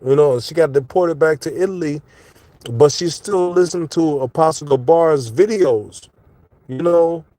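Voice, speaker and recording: A man's voice: a little high, measured pace, mellow, no echo. A man telling a personal story in a casual, rambling way, full of fillers and restarts.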